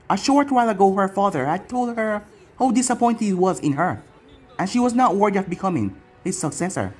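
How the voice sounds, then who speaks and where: A storyteller reading a fan fiction aloud in a plain narrating manner. The pitch rises and falls a lot. Faint music runs underneath. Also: expressive, brisk, a little mellow, slightly rough.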